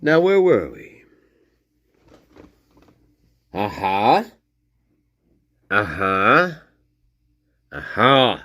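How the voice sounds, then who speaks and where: Slow, mocking male livestream ranter. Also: on the low side, very animated, pushed and bright, dry recording, clean studio sound. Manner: slow, mocking, profane rant, reading and repeating a statement. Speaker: channel host. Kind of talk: livestream commentary.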